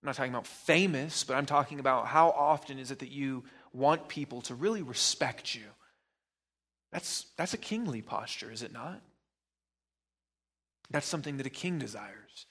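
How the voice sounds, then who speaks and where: A man's voice: mid-range voice, expressive, moderate pace, fairly bright tone, slightly rough. A man preaching a sermon as pastor, pressing the listener with probing rhetorical questions and emphatic repetition.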